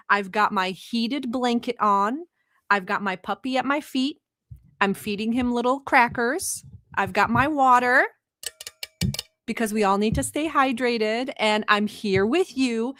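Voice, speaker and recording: A woman from the Middle East chats casually and gossips with her live-stream viewers from a chair at home, laughing often. Her voice sits a touch high. The sound is dry, with no room echo. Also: fairly bright tone. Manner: chatty, gossipy, frequent laughter. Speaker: livestream host.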